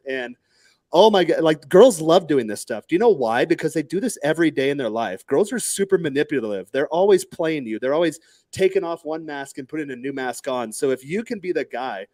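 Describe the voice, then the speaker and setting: A man's voice: mid-range voice, quick pace, darkish tone, no room sound. A man hosting a casual podcast chat, rambling with many fillers and restarts. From United States.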